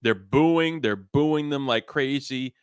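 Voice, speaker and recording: A man's voice: mid-range voice, slow, clean tone, dry recording. A young man hosting a sports variety show, chatting casually in a rambling, self-amused way. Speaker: host.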